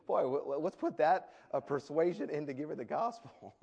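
A male preacher tells a story in an animated sermon style, often doubling back on his words. His voice sits fairly high for a man. The sound rings with a long reverb, as in a large hall. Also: normal speed, creaky, breathy edge, lo-fi sound. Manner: animated, repeats words while telling a story.

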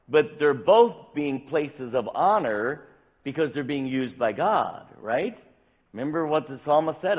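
Male pastor, husky and worn, lively sermon delivery, phone-like sound. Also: medium pitch. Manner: animated preaching, acts out scripture quotes. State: voice tiring, dry throat. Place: church sanctuary.

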